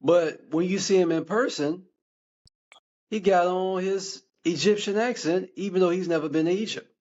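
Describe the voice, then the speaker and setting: Measured male guest author, dull lo-fi sound. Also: high-pitched, a little mellow. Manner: measured, many "you know" asides. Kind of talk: reflective interview talk.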